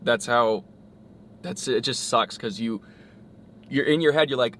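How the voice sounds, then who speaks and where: A man hosting a relaxed, casual conversation, easygoing and casual with his swearing. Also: mid-range voice, measured pace, slight background noise. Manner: laid-back, swears casually, acts out little scenes. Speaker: host.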